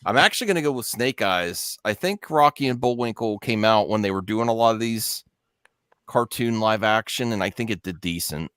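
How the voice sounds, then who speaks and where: A man in casual group chat, his pitch rising and falling freely as he teases and muses. His voice is dry and close to the mic. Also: animated, moderate pace, fairly bright tone, clean tone, no room sound. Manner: talkative, teasing, thinks aloud. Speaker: panelist.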